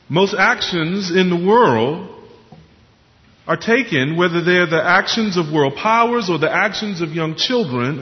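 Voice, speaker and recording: A young man preaching a sermon in an earnest way, pausing often and asking rhetorical questions. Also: a little high. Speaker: pastor. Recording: dull sound in a reverberant hall.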